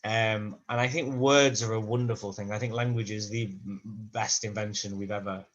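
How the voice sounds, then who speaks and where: A man's voice: fairly low pitch, steady tone, moderate pace, highs cut off. A man in a language-practice conversation, speaking thoughtfully and rambling, often restarting his sentences, over a video call. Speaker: language student in a conversation class. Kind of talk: casual spoken-practice conversation.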